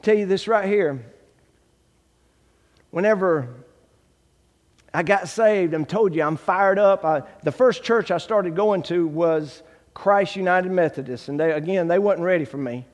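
High-voiced man preaching. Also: measured pace, pauses often. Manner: animated storytelling, acts out quoted voices. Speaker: guest preacher. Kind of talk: sermon with personal testimony. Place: church sanctuary. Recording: long church reverb.

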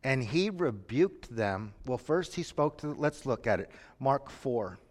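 A man preaching a sermon, moving between quiet lines and sudden shouts. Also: mid-range voice, expressive, measured pace. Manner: dramatic, shifts from quiet to shouting. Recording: long reverb from a hall.

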